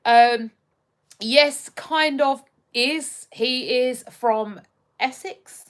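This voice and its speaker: A woman's voice: fairly high pitch, extremely slow. A young woman from just outside London, hosting a live stream in casual chat, rambling with lots of ums as she reads viewer comments. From just outside London, England. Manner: chatty and rambling, with frequent ums and restarts.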